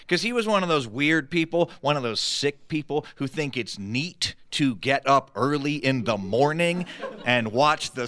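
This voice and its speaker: A man telling a funny tall tale with animated comic delivery and vivid asides. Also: fairly high pitch. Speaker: storyteller. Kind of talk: humorous storytelling performance.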